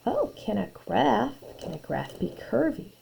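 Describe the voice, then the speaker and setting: A woman's voice: on the high side, big pitch swings, unhurried, vocal fry, dark tone, slightly rough, low-quality recording. A woman math teacher talking through graph problems in a recorded lesson, thinking aloud, repeating her phrases and often dropping to a near-whisper.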